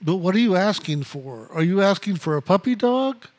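A man's voice: high-pitched, big pitch swings, normal speed, a little mellow. A man giving a spiritual teaching talk, emphatic and repetitive, with blunt asides.

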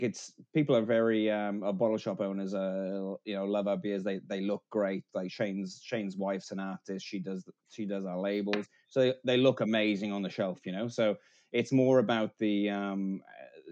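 Easygoing Welsh-born man, lowish voice. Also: darkish tone, lo-fi sound. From Wales. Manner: laid-back, laughing, halting with fillers. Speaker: brewery co-owner guest. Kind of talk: casual podcast chat.

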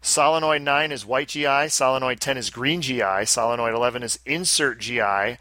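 A man's voice: medium pitch, brisk, pushed and bright. A man hosting a casual podcast, reading listener emails aloud with wry asides. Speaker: podcast host.

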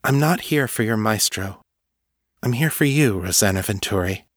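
A man voicing a cheerful young woman telepath who talks briskly and gently coaxes. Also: lowish voice, animated, dry recording, clean studio sound.

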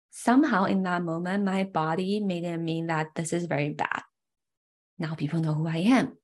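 A young adult woman shares a personal memory in a reflective, earnest and heartfelt way, often saying "like" and "right." Her voice is on the low side, a little mellow, at a moderate pace.

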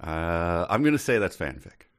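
A man's voice: low-pitched, big pitch swings, normal speed. A man chatting as a guest, playful and laughing often, hesitating over his guesses. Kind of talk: casual chat.

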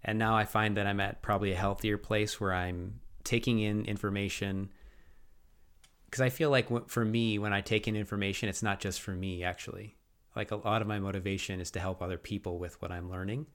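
A man's voice: fairly low pitch, steady tone, fairly quick, a bit bright. A man co-hosting a faith podcast, talking in an earnest, thoughtful way with frequent restarts. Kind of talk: reflective faith podcast talk.

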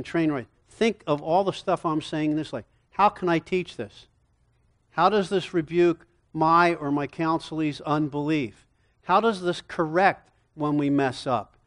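This is a middle-aged man lecturing to counselors on a Bible book. His voice sits a bit high for a man. He moves energetically from point to point and keeps throwing rhetorical questions at the room. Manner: animated, rhetorical questions, acts out dialogue. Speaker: seminar teacher for counselors. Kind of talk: lecture-style Bible teaching.

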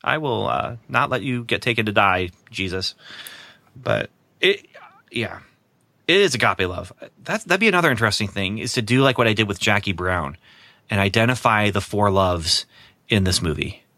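Bright, dry-voiced chatty podcast host. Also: male voice, fairly low pitch, lively intonation, normal speed, no room sound. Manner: chatty, enthusiastic, laughs easily. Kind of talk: casual podcast chat.

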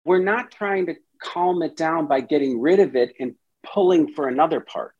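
A man's voice: fairly high pitch, moderate pace, a little mellow, breathy edge, highs cut off. A man speaking as a therapist and podcast guest, explaining ideas at length and briefly acting out inner voices in quotes. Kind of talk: explanatory interview talk.

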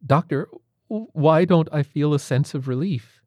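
A frightened older man, played by a man in a spoken story. His voice is pushed up high and strained, and he stammers and pleads. The sound is dry and close. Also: a little slow, a little mellow, dry recording. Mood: fearful. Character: frightened older male patient, timid and pleading.

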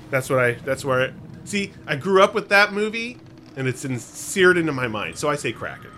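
A man's voice: a little high, very animated, a little fast, bright, forceful tone, a little hiss or hum. A man co-hosting a podcast, chatting casually in a jokey, rambling way. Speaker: podcast co-host. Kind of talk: casual chat.

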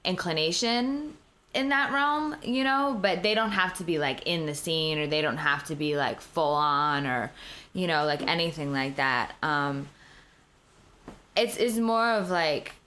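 Low-voiced blunt New York woman. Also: unhurried. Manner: blunt, profane, animated storyteller. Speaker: podcast guest. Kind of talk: casual interview chat.

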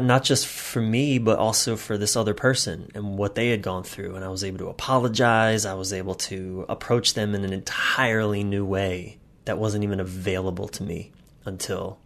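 A man telling personal stories in a candid, blunt way in a podcast conversation, swearing freely. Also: on the low side.

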